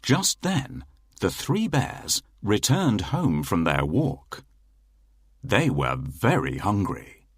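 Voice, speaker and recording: A man narrating a children's fairy tale in a slow, expressive storytelling manner. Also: fairly low pitch, breathy edge, no room sound, soft background music.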